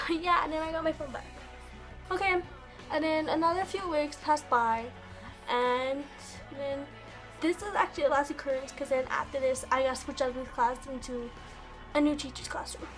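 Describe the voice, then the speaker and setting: A woman vlogger telling a story casually and animatedly, acting out the dialogue. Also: high voice. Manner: animated, quick bursts, acts out dialogue. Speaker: beauty vlogger.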